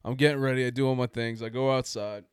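A man's voice: mid-range voice, fairly even intonation, fast, clear, resonant tone, no room sound, clean studio sound. A man hosting a podcast, telling a long casual story in a rambling, self-mocking way. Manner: rambling, self-mocking, laughs through his own story.

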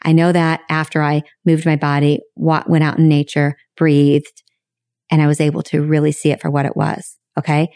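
A woman hosting a podcast, talking in a frank, reflective way with sudden high bursts of emphasis and some casual swearing. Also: little pitch movement, moderate pace, dark tone, no echo, clean studio sound. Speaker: podcast host. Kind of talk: candid podcast monologue.

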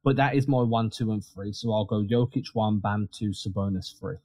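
A man co-hosting a casual sports podcast, talking in an animated, quick way with frequent restarts. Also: fairly low pitch, no room sound. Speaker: podcast co-host.

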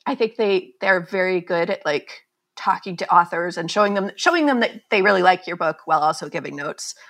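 A woman's voice: fairly low pitch, lively intonation, fairly quick, fairly bright tone. A woman author being interviewed, talking candidly and chattily and laughing at herself. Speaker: author guest. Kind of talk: casual conversational interview.

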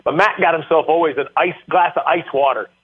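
A man guest telling animated stories with many fillers during an interview. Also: on the high side, brisk, slightly rough. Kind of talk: casual storytelling interview. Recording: tinny phone line.

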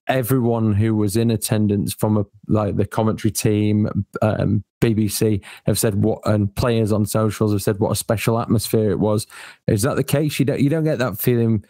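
A man with a mellow, slightly low voice hosts a football podcast, recorded close and dry. He chats easily, restarts his sentences and keeps tossing questions to his guests. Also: fairly even intonation, normal speed, dry recording. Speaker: podcast host. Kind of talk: casual football podcast chat.

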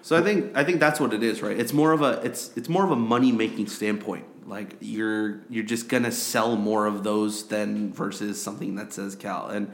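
A man's voice: fairly low pitch, steady tone, moderate pace, hardly any pauses. A young man who grew up in Korea, co-hosting a casual sports podcast, rambling with lots of fillers and repeated phrases. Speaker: podcast co-host.

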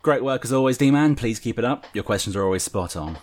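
A man's voice: medium pitch, animated, fairly quick, hardly any pauses, a little mellow. A man hosting a fan podcast, chatting casually and reading listener letters aloud. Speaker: podcast host.

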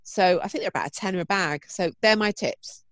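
A woman's voice: medium pitch, a little fast, a bit bright, dry recording. A woman co-hosting a podcast, chatting enthusiastically. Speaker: podcast co-host. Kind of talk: casual chat.

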